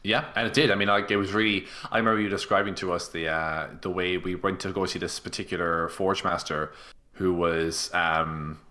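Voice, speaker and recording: A man's voice: low-pitched, steady tone, moderate pace, sharp tone. A man co-hosting a tabletop gaming podcast who chats loosely and fills his speech with "like" and "um". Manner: loose, filler-heavy. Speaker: podcast co-host. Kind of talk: casual chat.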